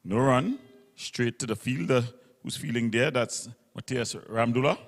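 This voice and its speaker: Guy doing live cricket commentary, brisk, fixes his own slips, long reverb on it. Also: mid-range voice, vocal fry. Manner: brisk, describes field placings, self-corrects. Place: local cricket ground broadcast.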